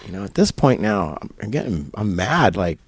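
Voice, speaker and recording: A husky, lowish male voice with big swings in pitch, delivered at normal speed. The interview guest sits in a barber shop telling a lengthy casual story, performing both parties of phone calls with quotes and laughter.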